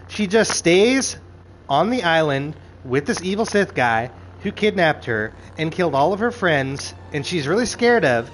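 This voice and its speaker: Animated, exasperated man ranting casually. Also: high voice, slight background noise, rough recording. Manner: animated, profane, exasperated rants with quoted asides. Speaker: show reviewer. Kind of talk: casual recap commentary.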